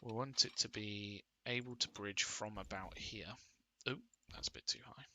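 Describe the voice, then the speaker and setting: A man's voice: on the low side, steady tone, moderate pace, sharp tone. A man giving casual commentary while playing a game, muttering to himself and getting mildly exasperated. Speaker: gaming video creator.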